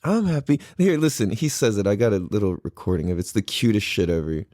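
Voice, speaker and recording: A man in his thirties hosting a podcast, talking in an excitable, rambling way and swearing freely. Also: on the low side, fast talker, no echo, clean studio sound. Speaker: podcast host. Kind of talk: casual solo podcast talk.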